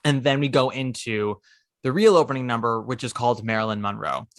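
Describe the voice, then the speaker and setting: Guy hosting a theater podcast, mid voice, chatty and animated, dry mic. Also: medium pitch, a little fast, dry recording. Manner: animated, recounting plot with asides and laughs. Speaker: podcast host. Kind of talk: casual chat.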